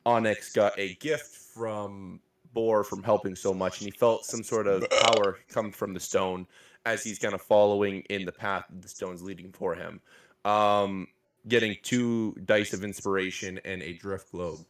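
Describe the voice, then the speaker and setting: A man's voice: on the low side, steady tone, unhurried. A man narrating as game master in a casual, rambling way, swearing offhandedly. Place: live-streamed game session.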